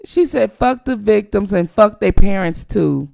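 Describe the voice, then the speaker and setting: A woman hosting her own channel gives her viewers blunt, profane, teasing live-stream commentary. Her mid-range, darkish voice is expressive and a little slow, with vocal fry and few pauses.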